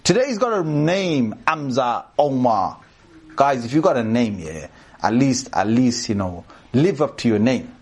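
A man giving a sermon to a live audience, animated and joking, asking the crowd questions and reciting verses in Arabic. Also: mid-range voice, measured pace, slightly rough. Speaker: preacher.

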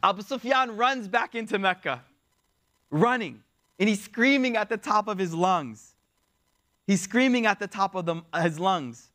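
A man preaching a storytelling sermon, lively and casual, acting out the people in the story. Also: high-pitched, unhurried, long pauses. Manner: lively, acts out the quoted figures, uses casual slang.

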